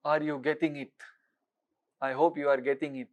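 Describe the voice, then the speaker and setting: A man giving an exam-prep lecture, briskly quizzing listeners with repeated rhetorical questions and mixing with Hindi. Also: fairly high pitch, little pitch movement. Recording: dull lo-fi recording.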